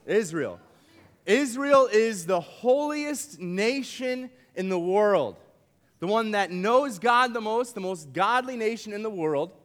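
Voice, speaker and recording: Animated man preaching in a reverberant hall. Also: high voice, takes it slowly. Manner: playful, animated, uses props and jokes with the crowd. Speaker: camp speaker. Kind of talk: youth camp sermon. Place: large hall with a live audience.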